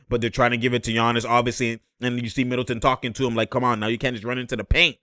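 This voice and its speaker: A young man reacting to basketball footage, talking fast and loose with slang, laughing often and imitating the players. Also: medium pitch, fairly even intonation, sharp tone, clear, resonant tone, no room sound, clean studio sound. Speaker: sports commentator reacting to game footage. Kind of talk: excited play-by-play reaction commentary.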